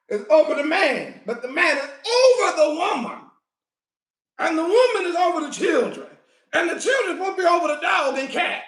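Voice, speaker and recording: A woman preaching a fiery sermon, animated, often shouting and breaking into laughter. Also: extremely high pitch. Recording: echoey room.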